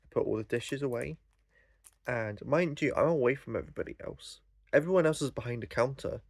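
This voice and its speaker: A man's voice: mid-range voice, brisk, gravelly, dry recording, clean studio sound. Rambling, sweary young man. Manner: rambling, sweary, full of fillers. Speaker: vlogger. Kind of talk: casual storytelling rant.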